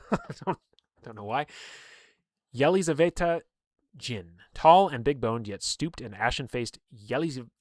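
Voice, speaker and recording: A man's voice: on the low side, no echo, studio quality. A young man casually reading through a game book on a livestream, breaking off for chatty asides and laughs.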